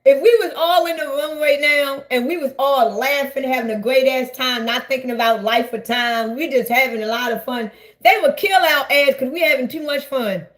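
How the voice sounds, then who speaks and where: High-voiced woman ranting profanely on a live stream. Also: moderate pace. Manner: loud, profane, rambling, talks straight to viewers. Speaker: livestreamer. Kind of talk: casual live-stream rant.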